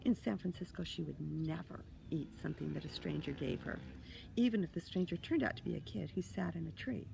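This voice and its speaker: Gravelly-voiced woman reading a story. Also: low-pitched, fairly quick, background noise. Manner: expressive, dips into hushed asides. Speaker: author.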